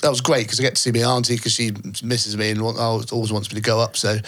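A man's voice: medium pitch, little pitch movement, fast, fairly bright tone. A man from the English Midlands co-hosting a podcast, telling rambling stories in casual chat and laughing often. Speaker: podcast co-host.

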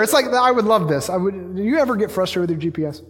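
A man's voice: sits high, lively intonation, fast, hardly any pauses, fairly bright tone, slightly rough. A male pastor preaching a sermon in a casual, slangy, conversational way. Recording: long hall reverb.

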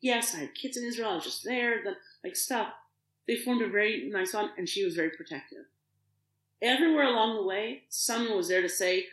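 A middle-aged woman, a podcast guest, telling an emotional personal story in an animated way, acting out the voices of others and often restarting her sentences. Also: a little high, fairly quick, echoey room, low-quality recording.

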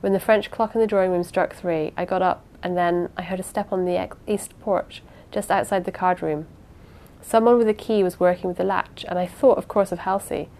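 A woman's voice: fairly low pitch, natural voice. A woman reading the part of a young woman who speaks evenly but halts and restarts under strain. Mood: hushed. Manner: even, halting with small restarts.

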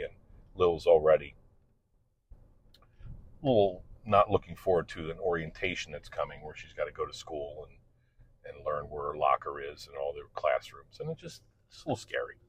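Deep husky man telling a casual story. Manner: profane, rambling, candid. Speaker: podcast host and father. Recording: dull lo-fi recording.

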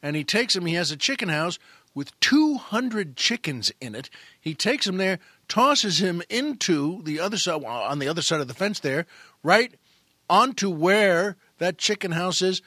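High, bright-voiced male comic storyteller. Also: measured pace, dry recording. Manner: animated storyteller with frequent restarts. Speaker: comedian and podcast host. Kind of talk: telling a long comic joke.

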